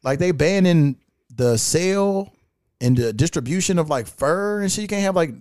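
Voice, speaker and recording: A man hosting a podcast, telling animated, profane stories in a casual chat and acting out the quotes. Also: a little high, normal speed, dry recording, studio quality. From California. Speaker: podcast host.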